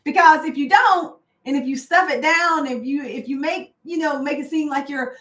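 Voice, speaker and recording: A woman's voice: high-pitched, normal speed, fairly bright tone, reverberant. A woman coach talking casually and with passion, full of fillers and rising indignation. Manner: passionate, conversational, many fillers. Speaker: coach and host. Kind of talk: casual motivational talk.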